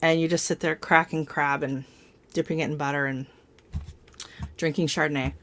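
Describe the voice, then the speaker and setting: A woman's voice: low-pitched, steady tone, moderate pace, fairly bright tone. A woman hosting a casual live stream from home, chatting and telling rambling stories with frequent laughs.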